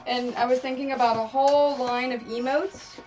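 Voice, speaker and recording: A woman's voice: high-pitched, steady tone, moderate pace, darkish tone, distant mic, highs cut off. A woman streaming from her home craft room, chatting casually in a rambling way with many fillers. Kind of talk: casual chat while quilting. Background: music playing.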